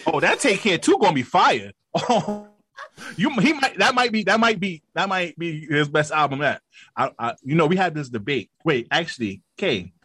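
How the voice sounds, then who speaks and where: Lively, playful man. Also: fairly high pitch, moderate pace, husky, no room sound. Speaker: podcast co-host. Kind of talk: casual chat.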